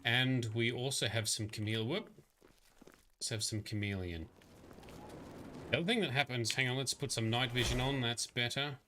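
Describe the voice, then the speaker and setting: Casual male game streamer, bright and playful, faint background noise. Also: medium pitch, moderate pace, long pauses. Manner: chatty, laughs often, playful. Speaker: livestreamer. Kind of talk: casual gameplay commentary.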